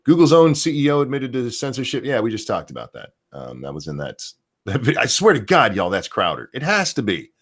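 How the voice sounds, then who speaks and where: A man's voice: medium pitch, big pitch swings, brisk, slightly rough. A man hosting a podcast, talking in a casual, profane, rambling way about the news. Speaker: podcast host. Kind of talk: casual opinion chat.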